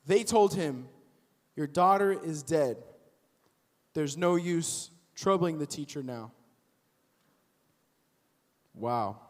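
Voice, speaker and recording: A young man giving a casual, animated youth sermon as a youth pastor, acting out the people in the story as he goes. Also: fairly high pitch, slow, pauses often. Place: church auditorium. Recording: long hall reverb.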